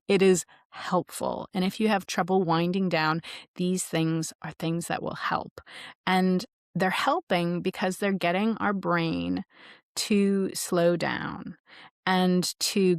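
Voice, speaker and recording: A woman's voice: fairly low pitch, no room sound, clean studio sound. A woman hosting a solo podcast, explaining sleep habits in a chatty way with playful asides. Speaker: podcast host.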